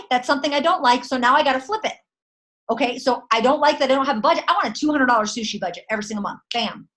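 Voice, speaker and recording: A woman's voice: fairly high pitch, a bit bright. A woman giving a fired-up motivational pep talk to her sales team. She speaks emphatically, uses slang and fires off punchy rhetorical questions. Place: at home at night.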